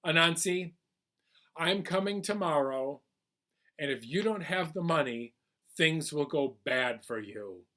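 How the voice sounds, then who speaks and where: A man voicing a kind-hearted male pig neighbor in a children's story, gentle and neighborly. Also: fairly high pitch, animated, a little slow. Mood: stern.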